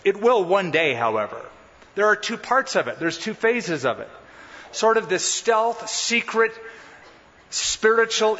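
A man's voice: high voice, bright, forceful tone. A pastor preaching an expository sermon with emphatic, dramatic rises and drops in his voice. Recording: dull sound in a large reverberant hall.

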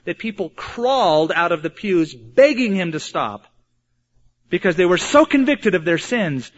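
A man preaching an earnest sermon, slowing down hard for emphasis. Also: a little high, a bit bright. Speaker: pastor. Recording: dull lo-fi sermon recording.

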